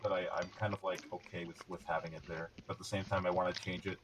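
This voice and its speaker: A man joins a voice-call chat and stumbles into what he wants to say. Clear hiss runs behind him. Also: deep voice, flat delivery, quick pace. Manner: hesitant, stammering into his points.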